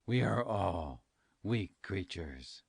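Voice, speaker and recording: A woman reading an audiobook, voicing a pompous male parish beadle in a slow, grave manner. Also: a bass voice, lively intonation, vocal fry, a little mellow, husky, no room sound, studio quality, pitched below the performer's own voice, exaggerated voice. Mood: wooing.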